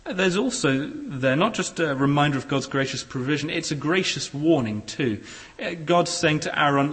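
A man preaching a sermon in a church hall, expressive, with shifting pace and loudness. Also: fairly high pitch, normal speed, hardly any pauses. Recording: echoey hall.

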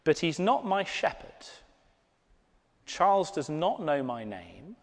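A man preaching a sermon in a church, slow and deliberate, dropping to hushed, near-whispered emphasis. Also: fairly high pitch, big pitch swings. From Britain. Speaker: pastor. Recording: long reverb of a church hall.

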